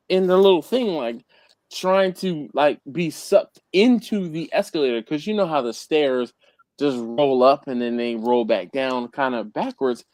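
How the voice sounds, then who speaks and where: Man, host, slow rambling storyteller, laughs often, dry close sound. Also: on the high side, darkish tone, dry recording. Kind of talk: casual live-stream chat.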